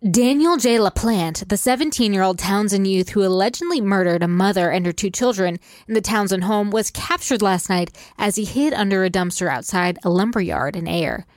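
A woman co-hosting a casual true-crime chat with teasing, quick asides, and reading news aloud. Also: mid-range voice, expressive, no echo, studio quality. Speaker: co-host.

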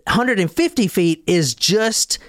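A man hosting a casual podcast chat, excitable and quick to swear and laugh as he tells a story. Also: high-pitched, no echo, clean studio sound. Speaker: podcast host.

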